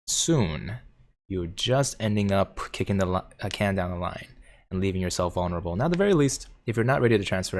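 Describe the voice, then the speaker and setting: A man's voice: low voice, darkish tone. A man hosting a casual stock market livestream, reading viewer chat aloud and answering questions in a jokey, chatty way.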